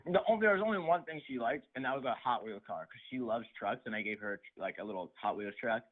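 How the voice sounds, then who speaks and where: A teenage boy talks over a tinny phone line, retelling events with many ums and restarts. His voice sits at a middling pitch and sounds unsure. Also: lively intonation, fast. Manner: hesitant, filler-heavy retelling. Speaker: caller. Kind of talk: rambling phone story.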